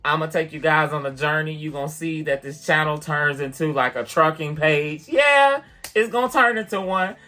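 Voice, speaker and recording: A man vlogging, chatty and animated as he tells a personal story to the camera, full of casual fillers. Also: fairly high pitch, brisk, few pauses, soft background music. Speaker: vlogger and piano teacher.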